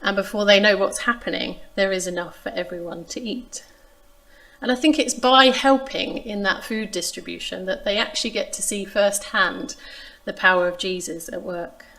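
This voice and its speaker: A woman preaching a sermon, retelling a Bible story in a measured, expressive way. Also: mid-range voice, vocal fry. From England. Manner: measured, expressive reading of scripture.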